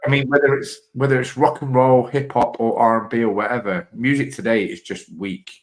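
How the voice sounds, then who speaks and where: A man's voice: medium pitch, fairly even intonation, brisk. Jokey quiz host, man. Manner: jokey, rambling, teasing. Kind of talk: casual panel quiz banter.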